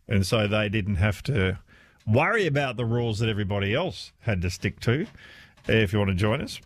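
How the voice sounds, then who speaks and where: A man's voice: lowish voice, no echo. A man hosting a talkback radio show, chatting and inviting listeners to call in.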